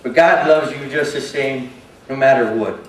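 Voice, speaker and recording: An actor playing a shy, self-doubting young man with a disability, telling his story haltingly and earnestly in a stage monologue. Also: medium pitch, noisy background, close to an everyday voice. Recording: roomy hall from a distance.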